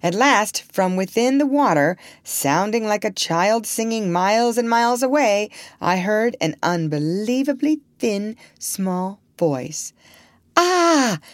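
A woman narrating a children's novel as an audiobook reader, in clear storytelling delivery. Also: medium pitch, expressive, a little slow, few pauses, dry recording, clean studio sound.

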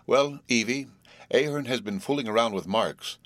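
A man's voice: mid-range voice, normal speed, a bit bright, no room sound, pitched above the performer's own voice, natural voice. Man doing a hearty, tipsy businessman. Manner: hearty, coaxing, obstinate. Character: jovial middle-aged businessman, tipsy and pushy.

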